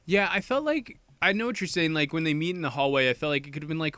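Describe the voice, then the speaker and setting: A young adult man co-hosting a podcast, talking casually with an animated, jokey manner. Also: fairly high pitch, quick pace, clear, resonant tone, no room sound. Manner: animated, jokey, laughs often. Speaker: podcast co-host. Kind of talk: casual chat.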